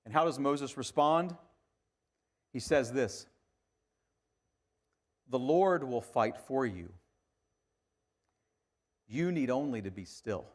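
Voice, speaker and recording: A man of middle age preaching to his congregation in an average-pitched voice. His delivery is conversational, leaning in with quiet, hushed lines and then building to firm emphasis. It sounds like a live sermon. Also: animated, slow, pauses often. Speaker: pastor.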